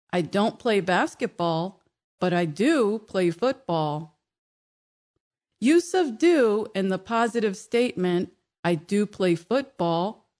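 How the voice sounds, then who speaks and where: A woman teacher talks slowly and deliberately through a scripted language lesson. She gives each example sentence careful, clear stress, keeping her voice at a moderate middle pitch. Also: a little mellow. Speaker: English teacher and show host.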